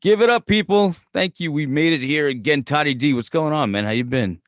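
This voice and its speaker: A man with a Brooklyn accent cohosting a casual podcast, spinning animated, profane stories. His voice sits a little high. The sound is dry and close. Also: brisk, no room sound. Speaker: podcast co-host. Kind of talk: casual storytelling chat.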